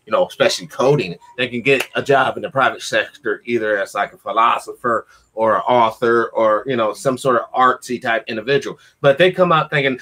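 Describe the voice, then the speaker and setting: A man hosting a call-in talk show, chatting casually and acting out quotes in animated, profane stories. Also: mid-range voice, a little fast. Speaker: podcast host. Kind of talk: casual chat.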